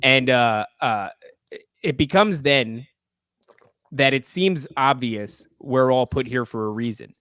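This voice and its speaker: A man's voice: mid-range voice, lively intonation, slow pace, a bit bright, no echo, clean studio sound. A man in his thirties ranting heatedly and profanely on a podcast, rambling in casual talk. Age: 30s. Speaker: podcast guest.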